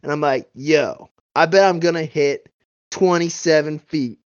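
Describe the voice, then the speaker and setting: A man's voice: a little high, unhurried, smooth, no room sound, muffled recording, close to an everyday voice. A man doing an improvised comedy voice of a dim-witted, boastful young male bro skier who talks in slangy surfer-bro drawl.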